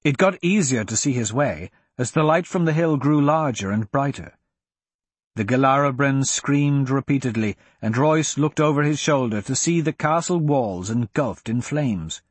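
A man narrating a fantasy audiobook with a husky voice and lively, swinging pitch. The recording is dry and close. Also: normal speed, dry recording.

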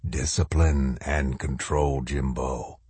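A man's voice: steady tone, slow, a little mellow, husky, no echo, heavily acted. A man doing a cold, stern phantom soldier. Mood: menacing. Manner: low, clipped and commanding.

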